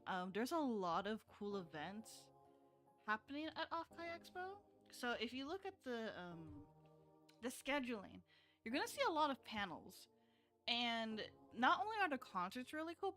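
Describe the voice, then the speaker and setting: A woman VTuber chatting casually on a live stream, rambling and filling pauses with frequent ums. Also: mid-range voice, fairly bright tone.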